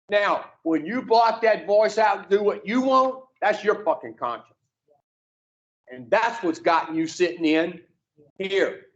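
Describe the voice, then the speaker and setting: A man's voice: sits high, highs cut off. A man speaking to an addiction recovery group in a blunt, profane, plain-spoken way, firing rhetorical questions at the room. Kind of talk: blunt motivational talk to a group.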